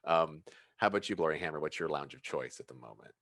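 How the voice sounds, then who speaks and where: A man's voice: a bass voice, quick pace, a bit bright, no room sound. A man narrating as game master in a casual, laid-back way, swearing now and then.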